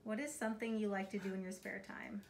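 A woman reading out interview questions in an upbeat, brisk way. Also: medium pitch, steady tone, a little hiss or hum.

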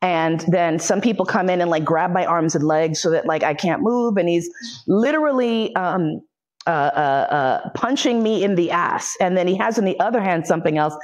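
A woman's voice: fairly low pitch, moderate pace. A woman lecturer telling a personal story frankly and with plenty of swearing, acting out the voices she quotes.

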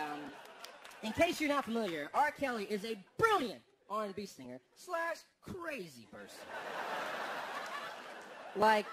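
Man doing stand-up, very high voice, lively swooping delivery, big crowd laughing in a theater. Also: noisy background. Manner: animated, acts out voices of friends. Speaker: stand-up comedian. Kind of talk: stand-up comedy. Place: large theater with a live audience. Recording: live stage recording with a crowd. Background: audience laughter.

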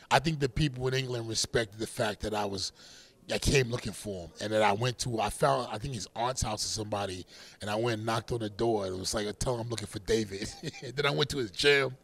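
A middle-aged man with a gravelly, rough edge to his mid-pitched voice. He tells stories in a loose, animated way, laughing often. Every so often he breaks into a loud, shouted catchphrase. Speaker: boxer, interview guest. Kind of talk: casual interview storytelling.

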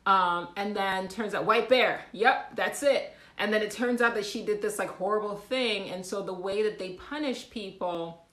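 A woman hosting a casual livestream, talking in an animated way with frequent laughs, fillers and restarts. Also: medium pitch, normal speed, few pauses, echoey room. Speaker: livestream host.

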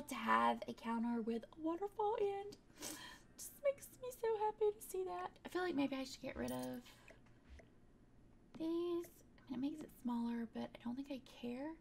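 A gaming video creator with a high, creaky voice chats casually as she plays a building game. She thinks aloud and throws in playful sound words.

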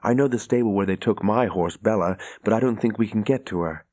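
A man's voice: lowish voice, a little fast, a little mellow, natural voice. A man voicing a frightened young woman who was held captive, her voice quivering, in an audiobook. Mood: hard. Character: frightened young woman, freed captive, shaky then fierce.

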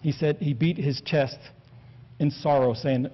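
A man's voice: fairly high pitch, steady tone, unhurried. A man preaching an earnest sermon, steadily working through scripture quotes. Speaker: pastor. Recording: dull lo-fi recording.

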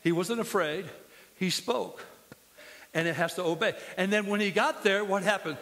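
A man's voice: high-pitched, normal speed, fairly bright tone, in a large hall. A man preaching a sermon as pastor, impassioned and full of storytelling, in a church sanctuary.

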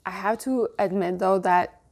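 A woman in her thirties chatting casually at home while showing off a haul, gushing and now and then cooing in a high baby voice. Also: fairly even intonation, moderate pace, a little mellow. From Canada. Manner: gushing, coos in a high baby voice at her dog and cute mugs. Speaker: vlogger. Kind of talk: casual show-and-tell haul.

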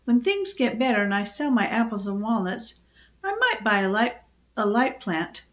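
A woman's voice: fairly high pitch, sing-song, normal speed, a bit bright, dull audio. An older woman voicing a kindly, motherly old countrywoman who speaks sweetly and reassuringly in a storybook reading. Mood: cheerful.

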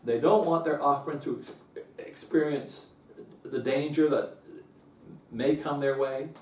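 A man's voice: slow pace, reverberant, recorded from a distance, a little hiss or hum. A man teaching a Bible lesson in an earnest way, restarting and repeating words, his voice rising when he stresses a point. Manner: rises in pitch and loudness when stressing a point.

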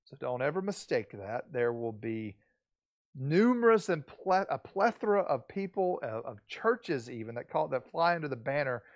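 A middle-aged man preaching from the pulpit with a slightly high-pitched voice. He speaks earnestly and emphatically, stumbling into restarts and pressing harder on key words. His delivery swells toward the lines he most wants to land. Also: dry recording. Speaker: pastor. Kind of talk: sermon.

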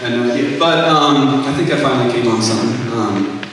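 A man's voice: medium pitch, a little fast, background noise. A young man giving a casual, rambling testimony between songs at a student concert, full of fillers and self-corrections. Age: young adult. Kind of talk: informal spoken testimony at a concert. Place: concert hall. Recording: echoey hall, heard from far off.

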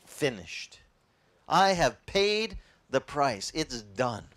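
A male pastor preaching a sermon in a lively, conversational way, quizzing his audience. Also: fairly high pitch, moderate pace.

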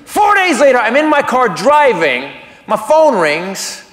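A middle-aged man performing a stand-up comedy routine, telling a story in an animated way and breaking into high shouted voices, recorded live on stage. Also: measured pace. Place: theater stage. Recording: live stage mic in a reverberant hall. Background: audience ambience.

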